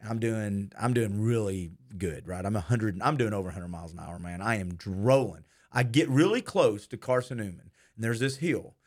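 A man telling a story in casual chat, brisk and lively. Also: lowish voice. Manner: brisk, lively anecdote teller.

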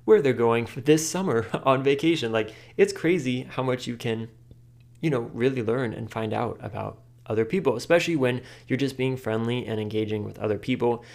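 A man hosting a podcast, chatting casually and giving advice. His voice has a gravelly edge at a mid pitch. He talks loosely, full of "like" and little laughs. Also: fairly quick, darkish tone. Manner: chatty, filler-heavy with frequent "like", laughs often. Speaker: podcast host.

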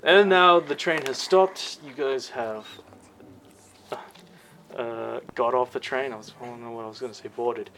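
A man's voice: mid-range voice, measured pace, fairly bright tone, slight background noise. Easygoing man running a tabletop game. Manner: laid-back, laughing, stop-start narration. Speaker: game master.

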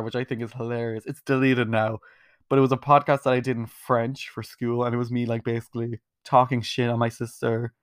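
Young man, podcast host, casual rambling monologue, self-deprecating, swears a lot, mid-pitched, dry close recording. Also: no room sound.

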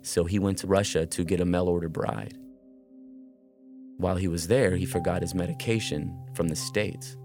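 A man earnestly recounting a personal story, halting and restarting as he goes. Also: sits low, fairly even intonation, a little mellow, faint music behind.

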